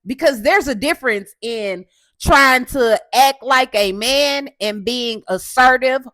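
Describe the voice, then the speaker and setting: Loud assertive woman host. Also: slow pace, dry recording. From Houston, Texas. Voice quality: coarse, deep for a woman. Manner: loud, assertive, keeps asking "okay?". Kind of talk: casual commentary monologue.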